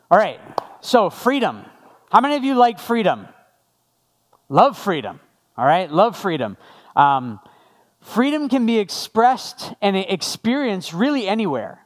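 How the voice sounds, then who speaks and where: A man's voice: sits high, big pitch swings, a little slow, pauses often. A male pastor giving a sermon after an opening prayer, conversational with jokey asides to the congregation.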